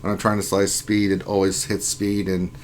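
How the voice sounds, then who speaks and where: A man's voice: low voice, monotone, moderate pace. A man hosting a casual gaming livestream, reading viewers' names aloud in an upbeat, jokey way. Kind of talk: casual live-stream chat.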